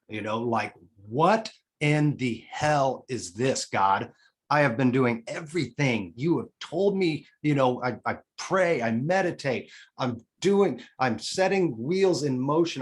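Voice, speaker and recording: Male podcast guest, mid-range voice, earnest, open, rambling storyteller with frequent restarts. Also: medium pitch. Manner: candid, rambling with restarts and self-corrections. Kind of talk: casual personal storytelling.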